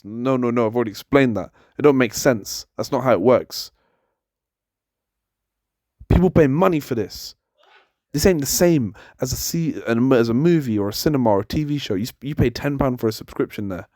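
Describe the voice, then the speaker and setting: A man's voice: mid-range voice, a little mellow, no echo, clean studio sound. A young man delivering a heated, exasperated opinion rant as a commentator, hammering his points with repetition. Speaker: wrestling commentator and channel host.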